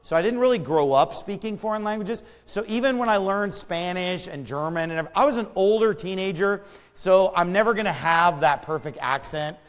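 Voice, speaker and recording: An American man delivers a sermon in a fairly high voice, emphatic one moment and chatty the next, often repeating himself. His voice rings out with the long reverb of a hall. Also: fairly quick. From United States. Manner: emphatic and conversational, with asides and repeated words. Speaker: pastor.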